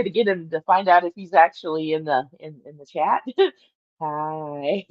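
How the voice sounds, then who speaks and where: A woman's voice: deep voice, a little slow, no echo, muffled recording. A woman hosting a casual morning livestream from her bedroom, rambling, laughing often and talking to her cat. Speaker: livestream host.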